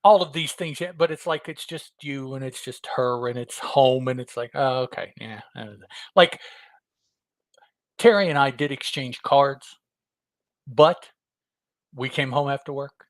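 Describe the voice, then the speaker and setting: A man's voice: medium pitch, measured pace, pauses often, dry recording. A middle-aged man co-hosting a podcast, chatting in an easygoing, reflective way. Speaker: podcast co-host. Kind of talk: casual chat.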